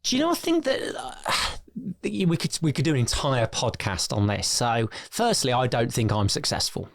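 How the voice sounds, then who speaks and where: A man's voice: mid-range voice, very animated, moderate pace, vocal fry. Man telling family stories. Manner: anecdotal, self-deprecating, laughs while telling stories. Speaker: business founder, guest. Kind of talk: conversational storytelling.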